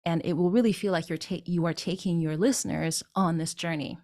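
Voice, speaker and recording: A woman's voice: lowish voice, a little fast, darkish tone. A woman vocal coach teaching a singing tutorial, explaining patiently, tagging her points with questions, and breaking into short sung demonstrations.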